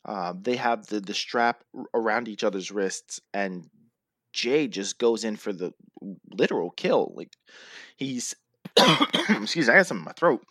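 A man's voice: lowish voice, expressive, normal speed, fairly bright tone, dry recording, studio quality. A man co-hosting a casual wrestling recap chat who laughs often and acts out the wrestlers' lines. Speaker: podcast co-host.

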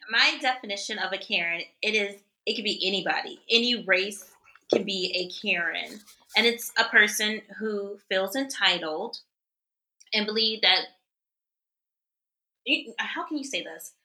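A woman co-hosting a podcast, talking in a casual, blunt way and swearing freely. Her voice is bright and forceful, and she lays out her opinions with emphasis. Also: medium pitch, a little slow. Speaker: podcast co-host. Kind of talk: casual chat.

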